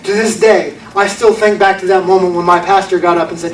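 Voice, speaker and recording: A man's voice: high-pitched, steady tone, brisk, a little hiss or hum. A young man preaching a sermon, telling a story in an earnest, folksy way. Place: church auditorium. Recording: echoey room from a distance.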